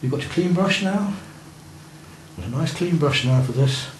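A male art teacher with a voice on the high side, lively intonation, and normal speed teaches a beginners' painting class. He guides and encourages students, checking their work while he paints. Faint noise fills a roomy-sounding room.

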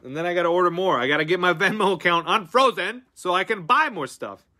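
Male stream host, excitable and slangy, bright forward tone, swings loud to hushed. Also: sits high, quick pace, a little hiss or hum. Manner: excitable, swings from loud outbursts to breathy mutters; slangy, says dude and bro a lot. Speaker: card-breaking stream host. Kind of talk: casual live-stream chat.

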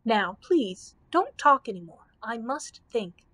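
A woman's voice: fairly high pitch, very animated, takes it slowly, fairly bright tone, exaggerated voice. A woman doing a kindly, cheerful straw Scarecrow.

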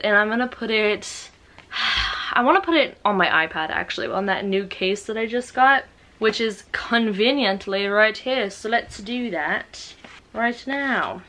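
A young woman from the United States chatting casually in a book vlog, excitable and self-mocking. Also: mid-range voice. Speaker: book vlogger.

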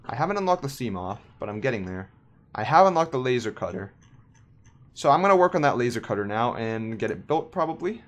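A man giving casual, self-mocking let's play commentary while building in a game, animated and giggly. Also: mid-range voice, a little fast. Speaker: gameplay host.

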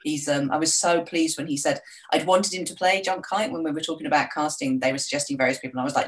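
A woman's voice: low-pitched, fairly even intonation, quick pace, low-quality recording. Chatty self-mocking woman author. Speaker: author guest. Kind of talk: casual interview chat.

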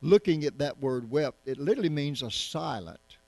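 A man's voice: on the high side, expressive, normal speed, vocal fry, darkish tone, dry recording. A male pastor preaching verse by verse, in a conversational style and often putting rhetorical questions to his listeners. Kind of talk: Bible-study sermon.

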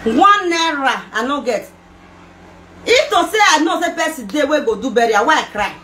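Middle-aged Nigerian woman, Pidgin-accented, lively pitch, emphatic rant to camera, bright tone. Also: moderate pace. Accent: Nigerian Pidgin English. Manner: emphatic, fires rhetorical questions, mixes local language words. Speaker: vlogger. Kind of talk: emotional direct-to-camera rant. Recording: echoey room with faint noise.

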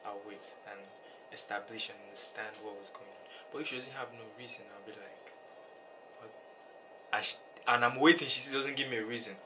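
A young man as a guest in a casual chat, earnest and halting, restarting his sentences. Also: fairly low pitch. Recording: clear background noise.

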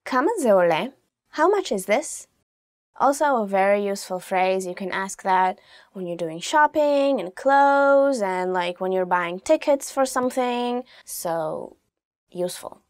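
A chatty young woman hosts a casual video language lesson, pausing to say each phrase slowly and clearly. Her voice sits at a middle pitch and is recorded close up with a dry sound. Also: lively intonation, dry recording. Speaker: language teacher, show host.

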